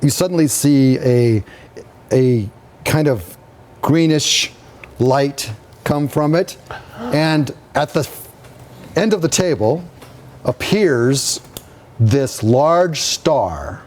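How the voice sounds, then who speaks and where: Man, game master, slow unhurried narration, halting restarts, live tabletop game. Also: mid-range voice, animated, darkish tone.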